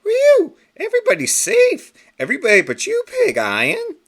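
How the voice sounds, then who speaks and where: A man voicing a cheery, excitable rabbit superhero in a shrill, exclamatory voice. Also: normal speed, vocal fry, exaggerated voice. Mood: excited.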